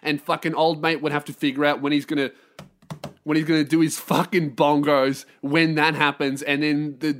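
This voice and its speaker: A man hosts a solo podcast, ranting with plenty of swearing and sarcasm. His voice sits a little high for a man, and he keeps the tone informal. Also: little pitch movement, normal speed, a bit bright. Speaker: podcast host.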